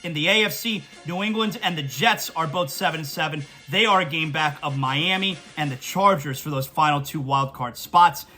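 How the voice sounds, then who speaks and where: A man's voice: fairly high pitch, moderate pace, few pauses, pushed and bright, soft background music. A man hosting a sports talk show, reading scores and venting emphatically as a fan.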